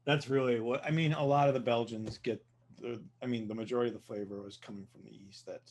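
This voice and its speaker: A man's voice: medium pitch, steady tone, fast talker, darkish tone. A man co-hosting a live brewing stream, chatting casually and agreeably in short replies. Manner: easygoing, agreeable, brief replies. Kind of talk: casual chat.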